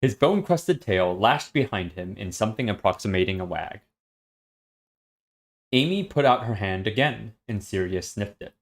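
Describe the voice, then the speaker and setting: A man reading a web serial aloud on a stream, steady and matter-of-fact. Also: fairly low pitch, normal speed.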